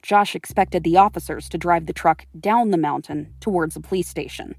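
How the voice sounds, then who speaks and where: A woman's voice: lowish voice, normal speed, vocal fry, darkish tone, dry recording, clean studio sound. A woman host giving scripted, suspenseful narration of a true story.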